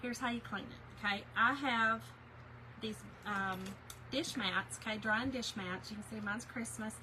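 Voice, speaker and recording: A woman's voice: a little high, unhurried, pushed and bright, slight background noise, rough recording. A woman chatting with viewers by name while she demonstrates a craft project on a livestream, with many fillers. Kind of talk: casual livestream craft tutorial.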